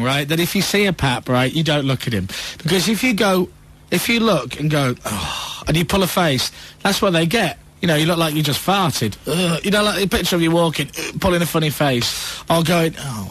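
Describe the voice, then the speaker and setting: A man hosting a breakfast radio show, telling a story in a bouncy way and snapping into quick voices for each character. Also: on the high side, a bit bright, slightly rough. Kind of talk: radio show chat and anecdote.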